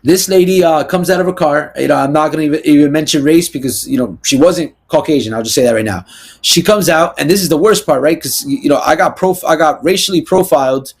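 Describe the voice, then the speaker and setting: Animated young New man, slightly high. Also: slightly rough. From New Jersey, US. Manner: animated, talks in quick bursts with many "you know" and "right?" asides. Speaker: podcast guest, real estate agent. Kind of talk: casual interview storytelling.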